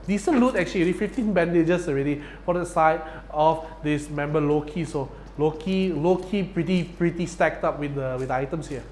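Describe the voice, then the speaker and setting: A man, casting an esports match live, excitable and full of "lah" and "you know" fillers. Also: a little high, moderate pace, hardly any pauses, slight background noise. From Malaysia. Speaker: esports caster. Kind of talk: live game commentary.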